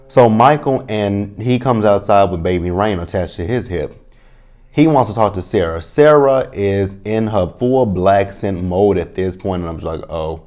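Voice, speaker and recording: Deep-voiced male vlogger, blunt and swearing, casual show-recap commentary. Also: darkish tone. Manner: blunt, profane, chatty. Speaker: TV reality show reviewer.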